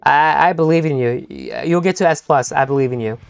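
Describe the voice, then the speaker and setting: A young man streaming a game live, talking to his teammates and chat in an excitable, stammering way that repeats itself. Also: a little high, a little fast, vocal fry, soft background music. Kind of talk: live gameplay commentary.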